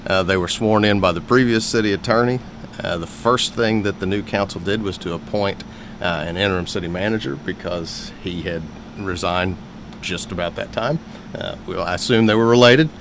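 Man, lowish voice, radio chat, halting with fillers, faint hiss. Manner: halting, many "uh" fillers, laughs often. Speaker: city official on local radio.

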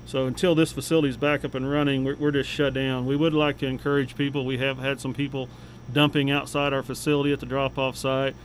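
A man speaking as a city official on a local radio talk segment, plain and unhurried with many fillers. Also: medium pitch, level tone, slight background noise, rough recording. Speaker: city official giving updates.

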